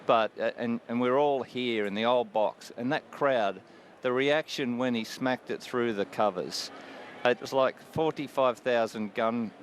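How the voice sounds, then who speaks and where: A man's voice: medium pitch, unhurried, a little hiss or hum. Chuckling man in his sixties. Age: 60s. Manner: chuckling, warm-hearted, laughs often. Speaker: radio cricket commentator. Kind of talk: casual on-air chat.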